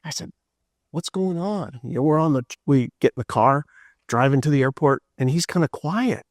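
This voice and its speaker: A man giving a conference keynote, telling a story in a loose, animated way with many fillers and restarts, acting out what people said. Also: a little high, normal speed, no echo, clean studio sound. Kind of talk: storytelling talk.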